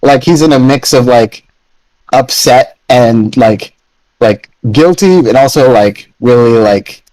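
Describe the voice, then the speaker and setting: A man at a tabletop game talks his character through in long, rambling turns full of fillers. His voice sits at an ordinary pitch. The sound is dry and close. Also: slow pace, darkish tone, dry recording, poor audio. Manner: rambling, filler-heavy explaining. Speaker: player. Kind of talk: tabletop role-play.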